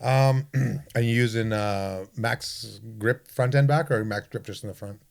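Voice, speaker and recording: A man's voice: mid-range voice, measured pace, creaky. Man, podcast host, joking, casual chat. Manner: joking, enthusiastic, reads sponsor plugs.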